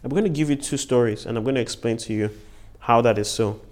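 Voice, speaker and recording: An earnest man leads a devotional Bible teaching at a middle pitch. He repeats his key phrases so they land and drops short words of praise between his points. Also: fast talker, darkish tone. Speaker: preacher and podcast host.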